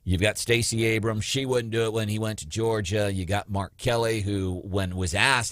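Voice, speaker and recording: Male radio host, lowish voice, animated and sarcastic, dry booth sound. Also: moderate pace, hardly any pauses, no echo. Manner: animated, mocking, puts on quoted voices. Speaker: radio talk show host. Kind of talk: political talk radio chat.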